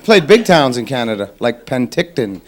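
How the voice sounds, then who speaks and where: A man performing a stand-up comedy set in a club, animated and punchy, with mock-exasperated rants. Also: medium pitch, moderate pace.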